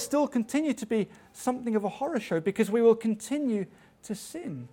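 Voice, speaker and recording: A man's voice: very high voice, lively intonation, brisk, mellow. A man preaching a sermon, asking rhetorical questions and building to emphatic peaks.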